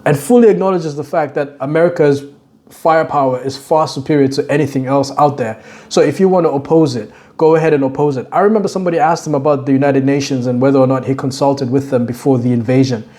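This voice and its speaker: A man's voice: medium pitch, quick pace, warm tone. A young man giving casual, mocking reaction commentary on news clips, laughing often and dropping slang.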